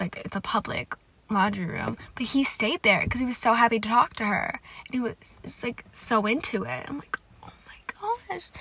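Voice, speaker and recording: A young woman hosting a casual solo podcast, gushing excitedly with lots of "like" and swearing. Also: medium pitch. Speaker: podcast host. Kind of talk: casual solo podcast chat about a TV show.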